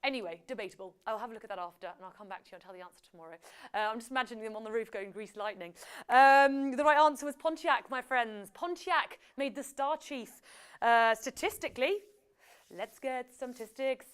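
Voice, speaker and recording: A woman's voice: a little high, a little fast, fairly bright tone, smooth. A young woman hosting a live quiz show, chatty and playful, with self-correcting asides. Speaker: quiz host.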